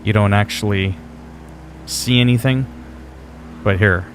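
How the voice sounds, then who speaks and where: Playing live, a male streamer with a fairly low voice chats casually and unhurriedly about his game. Responding to viewers, he's wry and offhand and curses mildly, while a faint hum runs under the audio.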